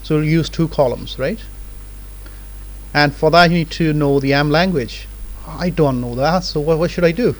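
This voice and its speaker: A lecturer leads a live software tutorial, casually walking students through each click and checking in with repeated "right?" and "okay?" His voice is a little high for a man, his speed normal, and the recording rough.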